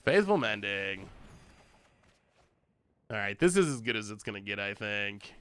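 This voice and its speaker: A man's voice: on the low side, very animated, a little slow, a bit bright, smooth. A man streaming himself playing a card game, chatting casually, often laughing and talking to his opponent and chat. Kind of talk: casual gameplay commentary.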